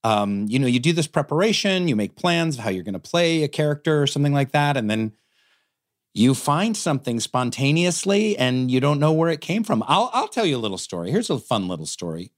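A man co-hosting a podcast who is an actor himself, telling an anecdote with animated, self-amused energy. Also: medium pitch, a little fast. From United States. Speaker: co-host, actor. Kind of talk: casual podcast chat, storytelling.

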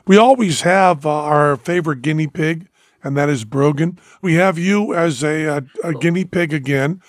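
Older male podcast host, high gravelly voice, crude and joking, dry close sound. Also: no room sound. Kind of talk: casual comedic chat.

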